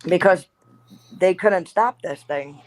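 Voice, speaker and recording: A woman in casual conversation, telling a haunting story in an animated, profane way and acting out what people said. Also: fairly low pitch, takes it slowly, low-quality recording. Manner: animated, profane, acts out quoted lines. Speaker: guest.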